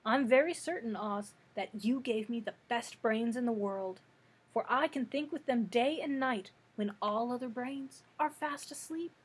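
A woman's voice: on the high side, unhurried, husky. Woman doing a cheerful straw scarecrow.

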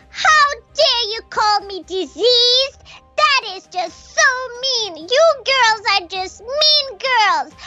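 A woman's voice: extremely high pitch, bright, forceful tone, full character voice. A woman voicing a timid little princess girl who whimpers and sobs through a Minecraft role-play. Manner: babyish, whimpering, sobbing often.

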